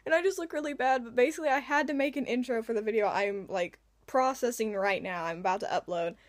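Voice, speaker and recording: Sitting in a parked car with her phone at arm's length, a late-teen Indiana girl records a casual, chatty vlog, talking fast in a high-leaning voice with no room sound. She rambles bubbly and packs her speech with filler words.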